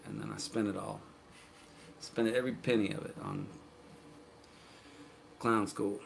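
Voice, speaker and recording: A man's voice: fairly low pitch, fairly even intonation, a little slow, gravelly, pauses often, a little hiss or hum. A man hosting his own livestream show, chatting casually between songs as a laid-back storyteller with dry jokes. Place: indoors, streaming live. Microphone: stream cameras.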